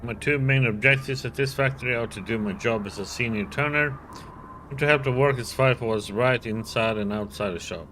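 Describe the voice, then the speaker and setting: A man voicing a determined male factory turner who organizes workers, speaking in an earnest, steady way in a video game. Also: mid-range voice, fairly quick, slight background noise, lightly acted.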